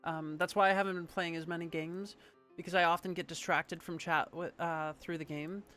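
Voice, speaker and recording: Bright-voiced woman streamer chatting casually. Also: on the low side, steady tone, moderate pace, soft background music. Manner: chatty, rambling, casual swearing. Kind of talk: casual live-stream chat.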